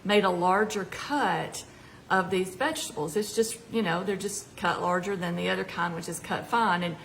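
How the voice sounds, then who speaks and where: A woman's voice: lowish voice, moderate pace, vocal fry, slight background noise, rough recording. Chatty Southern woman cooking at home. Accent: Southern American. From American South. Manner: chatty and folksy, with fillers and warm asides. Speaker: cooking show host, retired home ec teacher. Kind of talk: casual cooking demonstration. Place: home kitchen. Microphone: camera nearby.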